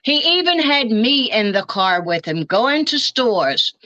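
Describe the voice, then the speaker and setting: A woman's voice: on the high side, sing-song, measured pace, bright, forceful tone, dry recording, dull audio. An older woman being interviewed, telling family stories and acting out the lines people said. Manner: storytelling, acting out quoted dialogue. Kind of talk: reminiscing interview.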